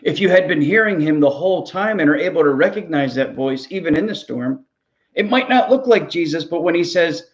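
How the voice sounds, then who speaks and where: A man's voice: fairly high pitch, animated, a little fast, dull audio. A man, a ministry pastor, preaching a sermon in an earnest, conversational way, often repeating words as he goes.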